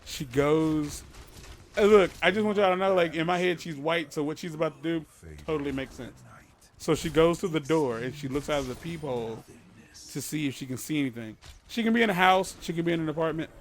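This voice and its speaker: Slightly hissy or humming audio captures a man with a voice on the high side talking fairly quickly. As a podcast co-host, he casually relates a creepy story in a profane, rambling way, interrupting himself along the way.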